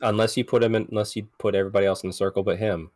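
A man's voice: fairly low pitch, steady tone, rapid-fire, a little mellow, no echo, clean studio sound. A man guesting on a casual podcast, talking in a blunt, laid-back way and laughing often.

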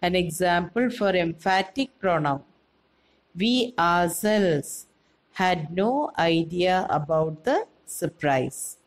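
A woman with an Indian English accent teaching a grammar lesson to children, explaining slowly and clearly and asking them questions. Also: fairly low pitch, expressive, poor audio.

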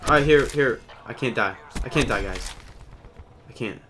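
A man hosting his own gaming channel, giving live gameplay commentary with an excitable manner, loud outbursts and goofy banter. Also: mid-range voice, normal speed, a little hiss or hum. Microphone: webcam or desk mic.

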